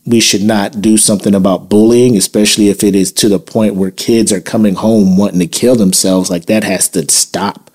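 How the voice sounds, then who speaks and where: A podcast host in a heated opinion monologue, blunt and profane. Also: male voice, on the low side, fairly even intonation, moderate pace, hardly any pauses, darkish tone, husky.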